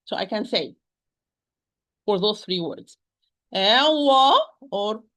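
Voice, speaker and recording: A woman teaching a recitation lesson, speaking haltingly, often repeating words and modelling pronunciations aloud to make her points. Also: mid-range voice, fairly even intonation. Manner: stresses rules with emphatic repetition.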